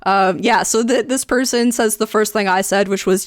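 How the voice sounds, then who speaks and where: A woman's voice: fairly even intonation, moderate pace, no echo, studio quality. A woman streamer and game master chatting casually and reading forum posts aloud, rambling with a mid-range voice. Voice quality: voice neither very high nor very low. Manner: rambling, many fillers and restarts.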